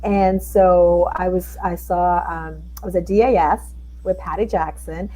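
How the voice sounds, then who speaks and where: A middle-aged woman, a guest telling stories in a casual interview chat, animated and acting out the people she quotes. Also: fairly low pitch, measured pace, low-quality recording. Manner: animated storyteller, acts out quotes.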